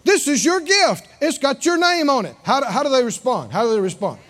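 A man preaching a sermon, drawing answers from his congregation and rising to shouts. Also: extremely high pitch, big pitch swings, fairly quick.

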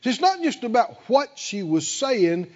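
An older man preaching a sermon, animated with frequent chuckles and slow, emphatic delivery, on a dull lo-fi recording. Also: very high voice.

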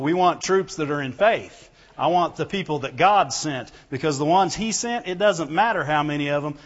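A high-voiced man preaches a fervent sermon, calling out to his congregation for amens. His voice rings through a long, echoing hall. The recording sounds dull and lo-fi. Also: a bit bright. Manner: fervent, calls out for amens and glory to God; reads scripture aloud in old biblical wording. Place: church hall before a congregation.

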